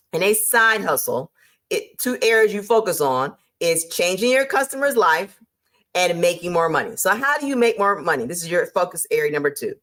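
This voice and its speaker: Lively low-voiced woman giving business tips. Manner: lively and emphatic, with sudden jumps in pitch; teacherly, lays out numbered points. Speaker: host. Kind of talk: motivational business advice talk.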